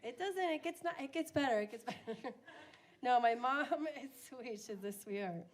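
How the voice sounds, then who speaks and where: A woman's voice: on the high side, expressive, moderate pace. Crude, self-mocking woman doing stand-up. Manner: crude, self-mocking, laughs at her own jokes. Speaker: stand-up comedian. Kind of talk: stand-up comedy set. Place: comedy bar stage, live audience.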